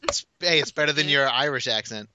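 A man co-hosting a podcast in casual chat, tossing out joking deadpan asides. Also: mid-range voice, fairly quick, background noise. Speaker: podcast co-host.

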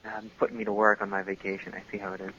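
A man co-hosting a podcast, chatting casually with a gravelly voice that swings widely in pitch. He teases and jokes with his co-hosts. The recording is dull and lo-fi. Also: sing-song, very fast, sharp tone. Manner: joking, teasing. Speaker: podcast co-host.

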